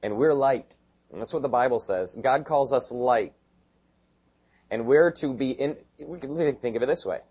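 A male pastor preaching a sermon in a conversational way, dropping quiet and then rising to emphatic bursts. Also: mid-range voice, lively intonation, normal speed, husky.

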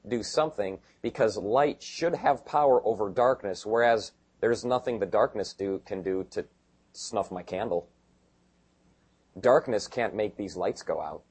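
A male pastor preaching a sermon in a conversational way, dropping quiet and then rising to emphatic bursts. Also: medium pitch, slightly rough.

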